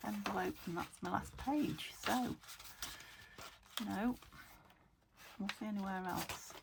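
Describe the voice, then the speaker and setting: Working on her junk journal, a woman from the UK thinks aloud in a casual crafting chat with herself, frequently slipping into a whisper. She speaks slowly, at medium pitch with vocal fry, over a noisy background.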